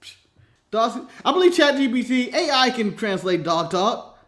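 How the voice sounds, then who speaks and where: American guy on a podcast, high voice jumping all over, swears and cracks up a lot. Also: normal speed. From United States. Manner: excitable, swears freely, laughs often, acts out quotes. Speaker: podcast co-host. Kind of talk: casual wrestling podcast chat.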